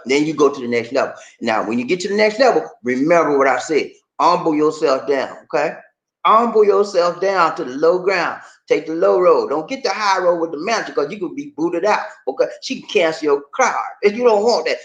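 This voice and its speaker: A man giving casual money advice in an animated way, laughing often and acting out phone calls. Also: a little high, brisk, reverberant, dull audio. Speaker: personal finance vlogger.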